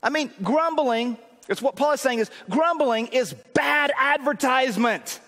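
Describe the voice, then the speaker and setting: High-pitched male pastor, chatty preaching that builds to shouts; reverberant sanctuary. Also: a little slow. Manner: conversational preaching, rising to emphatic shouts. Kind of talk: sermon.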